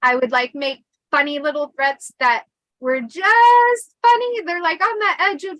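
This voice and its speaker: Woman, livestream host, casual storytelling, high voice, dry close sound. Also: measured pace, no echo, low-quality recording. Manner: chatty, animated, many fillers.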